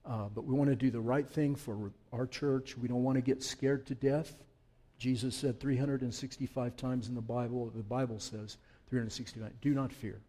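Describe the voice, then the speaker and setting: A man's voice: mid-range voice, steady tone, moderate pace, dark tone. A man preaching an unscripted sermon to his congregation, talking from the heart in a conversational way that builds to fervent emphasis. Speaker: pastor. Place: church sanctuary.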